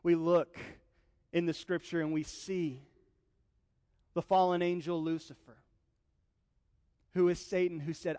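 High-voiced man preaching in a reverberant hall. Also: level tone, unhurried, pauses often, dark tone, clear, resonant tone. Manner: impassioned preaching, telling personal stories. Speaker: pastor. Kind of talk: sermon.

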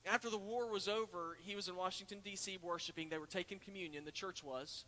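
A fast-talking pastor with a high-pitched, sharp-toned voice preaches earnestly in a church sanctuary. He leans on "uh" fillers and restarts, working up to emphatic points, and the recording carries a long hall reverb.

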